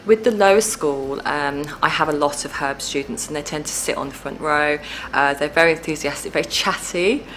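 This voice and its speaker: A woman's voice: low-pitched, normal speed, fairly bright tone, a little hiss or hum, poor audio. A female sociology teacher speaking enthusiastically about her students.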